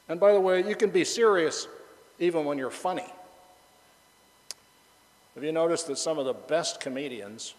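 A man's voice: a little high, normal speed, long pauses, in a large hall, low-quality recording. A male pastor preaching a conversational sermon, chatty and joking, bantering with the congregation.

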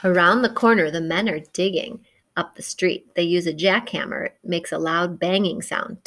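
A woman reading a picture book aloud to young children, gentle and encouraging, chatting about the pictures and imitating the story's sounds. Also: lowish voice, normal speed. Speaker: children's read-aloud presenter.

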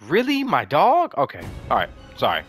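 Young male gaming commentator, excitable and reactive, with a lively, bouncing pitch, voice a bit high for a man, over loud game music. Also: moderate pace. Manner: excitable, swings between frustration and amazement. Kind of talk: live gameplay commentary.

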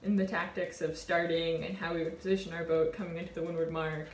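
A woman in her twenties, a college sailor, telling a reflective personal story in an earnest, warm way. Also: fairly low pitch, flat delivery, fast, reverberant, slight background noise. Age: 20s. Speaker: college sailor and award winner.

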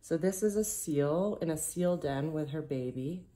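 Slow, mellow-voiced woman reading to kids. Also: low voice. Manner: gentle, slow storytelling, speaking directly to children. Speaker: children's author reading aloud. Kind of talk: reading a picture book to kids.

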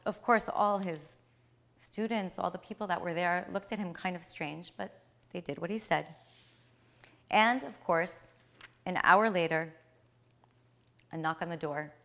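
A woman telling a spiritual story in a gentle, emphatic way, repeating phrases for effect. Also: fairly low pitch.

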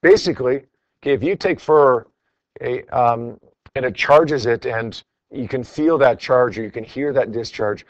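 A man's voice: mid-range voice, moderate pace, no echo, muffled recording. A man teaching a classroom lesson, going over homework in a conversational way and calling on students by name.

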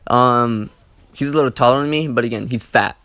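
A young man who hosts a gaming channel tells a rambling story over gameplay. He swears often and keeps dropping "like" and "you know." His mid-range voice is brisk and a bit bright, recorded with no echo.

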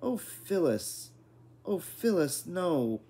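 A man voicing a timid, befuddled father with a squeaky, despairing voice. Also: very animated, slow pace, dark tone, full character voice.

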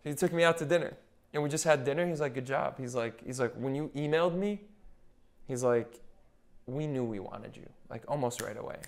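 Animated male storyteller on a podcast. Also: medium pitch, fairly quick. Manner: animated storyteller who quotes what others said. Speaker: podcast guest, nurse anesthetist. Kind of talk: casual storytelling chat.

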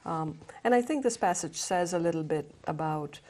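A woman from India, a novelist, reading a passage of her fiction aloud with lively expression. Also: low voice, normal speed. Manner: hesitant intro, then lively expressive reading.

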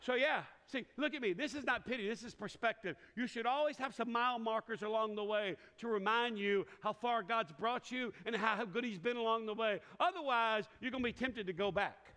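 Brief: middle-aged male pastor, high bright voice, joking storyteller, church hall reverb. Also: brisk, few pauses. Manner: storytelling with humor, laughs often. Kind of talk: sermon.

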